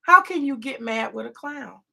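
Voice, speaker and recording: A woman's voice: high-pitched, expressive, normal speed, vocal fry, sharp tone. A woman hosting a rambling, profane commentary, emphatic and repetitive, full of rhetorical questions. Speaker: commentary host.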